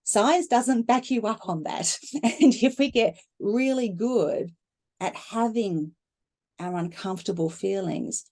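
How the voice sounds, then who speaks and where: A middle-aged woman speaking as a guest in a conversational talk, animated and laughing as she acts out inner voices. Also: medium pitch, slow. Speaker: guest speaker on emotional healing.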